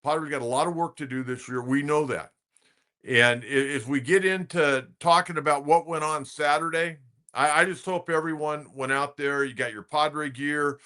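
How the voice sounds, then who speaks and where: A man hosts a sports talk show in a casual, blunt monologue. He often says things twice for emphasis. His voice is bright and a touch higher than most men's. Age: older. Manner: blunt, conversational, repeats himself for emphasis.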